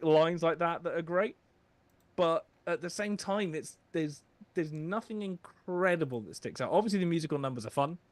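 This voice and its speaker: As a podcast co-host, a man chats casually about an old musical film, hesitating often with plenty of fillers and restarts. His voice sits a little high, and there is no echo.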